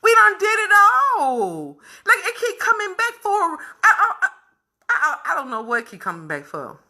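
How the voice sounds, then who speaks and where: High, forceful woman speaking emphatically. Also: moderate pace. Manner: emphatic, repeats phrases for weight, animated. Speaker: vlogger speaking to her viewers. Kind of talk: candid casual monologue.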